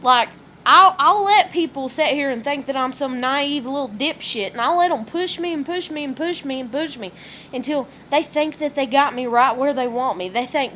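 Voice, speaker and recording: A woman's voice: high voice, moderate pace, sharp tone, a little hiss or hum. A middle-aged mother venting in a blunt, profane rant, often acting out both sides of an argument. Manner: blunt, profane, heated, quotes others in dialogue. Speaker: parent venting about relationships. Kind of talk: casual vlog rant.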